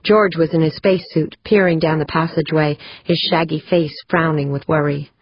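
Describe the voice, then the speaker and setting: Low female narrator, steady audiobook read, dry and slightly dull sound. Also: moderate pace, husky, no room sound. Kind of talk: scripted narration.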